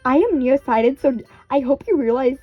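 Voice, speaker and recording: High-pitched young woman reading a visual novel out loud, chatty and a bit awkward, kinda muffled mic. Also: lively intonation, normal speed, breathy edge, faint music behind. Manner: chatty, self-conscious, giggly asides. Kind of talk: casual let's-play narration with character voices.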